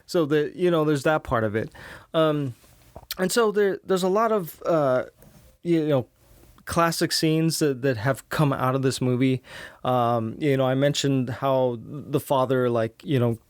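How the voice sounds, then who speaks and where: A man's voice: measured pace, clear, resonant tone, dry recording. Guy in his 30s rambling through a solo podcast, lots of um and like, dry close sound, bumps his voice up for quotes. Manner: rambling, many restarts and fillers, acts out quotes in higher voices. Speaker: podcast host. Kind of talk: casual solo podcast talk.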